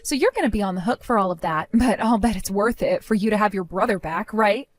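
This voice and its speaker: A woman narrating her own dramatic story, speaking in a cold, indignant and forceful way. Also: mid-range voice, quick pace, no echo, soft background music. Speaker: narrator of a first-person story.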